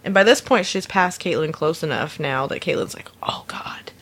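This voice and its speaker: A woman's voice: sits low, fairly quick. A woman casually telling a funny story about something that happened at work, acting out the people in it and laughing often. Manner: animated, acts out quoted voices, laughs often. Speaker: storyteller recounting a work incident. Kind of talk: casual anecdote.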